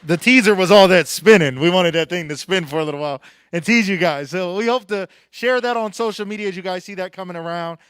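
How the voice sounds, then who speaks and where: A man emcees a live awards night from an event hall stage, joking with the crowd and hyping them up on a handheld mic. His voice is high, smooth and fairly bright, and he talks fast. The recording is dry and studio quality.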